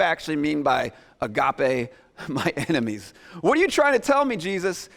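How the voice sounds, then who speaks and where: A man preaching a sermon as pastor, animated, acting out his listeners' reactions in quick asides. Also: fairly high pitch, creaky.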